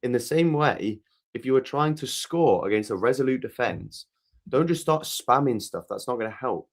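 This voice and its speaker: A man's voice: medium pitch, expressive, moderate pace. A man co-hosting a live football fan stream, explaining earnestly with analogies and frequent restarts. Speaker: co-host of a football fan show. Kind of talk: casual live-stream chat.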